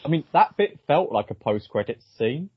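A man's voice: fairly high pitch, sing-song, moderate pace, slightly rough, dry recording. A man hosting a podcast, chatting casually about films with frequent ums and restarts. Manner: hesitant, lots of ums and restarts. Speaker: podcast host. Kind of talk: casual film review chat. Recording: dull, slightly lo-fi dry sound.

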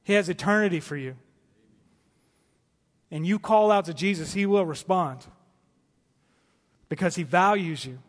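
A man's voice: high voice, a little slow, pauses often. Impassioned male pastor in a reverberant hall. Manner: impassioned preaching, rising to emphatic peaks and dropping to soft pleas. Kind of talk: sermon. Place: church auditorium.

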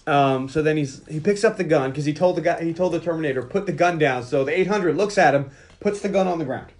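A man hosting a podcast, casually recapping a film scene by scene and acting out the dialogue in quick voices, laughing often. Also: on the high side, darkish tone.

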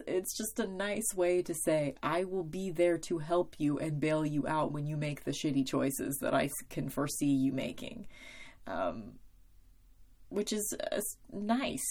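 A woman's voice: low-pitched, lively intonation, unhurried, darkish tone. A young woman hosting a casual solo podcast, rambling and self-deprecating as she talks through a TV episode. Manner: rambling, self-deprecating, with frequent laughs and fillers. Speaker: podcast host.

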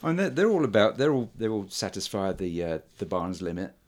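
Podcast host, male, very low voice, hesitant casual delivery with lots of fillers. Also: big pitch swings. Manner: halting, many ums and uhs, chuckles often. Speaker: podcast host reviewing old films. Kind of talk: casual chat.

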